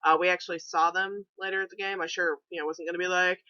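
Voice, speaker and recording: A woman's voice: lowish voice, little pitch movement, quick pace, hardly any pauses, bright, forceful tone, no echo, highs cut off. A young woman from New England telling a road trip story in a chatty, sarcastic vlog. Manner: chatty, sarcastic, many fillers.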